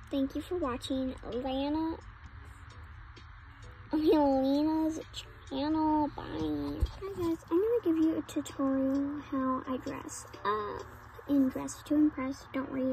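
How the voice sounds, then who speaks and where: Chatty girl gamer voice, high and slow, lots of fry, says like a ton. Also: mellow, poor audio. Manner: chatty, heavy use of "like" and "oh my goodness". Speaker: gamer narrating role-play. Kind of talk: casual gameplay role-play chat.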